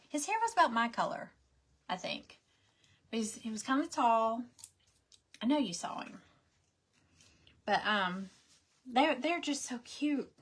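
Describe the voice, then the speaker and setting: Chatty woman telling stories. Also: slightly rough. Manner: rambling, animated, acts out quoted voices in a high pitch. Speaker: crafting livestream host. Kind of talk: casual chatty storytelling while crafting.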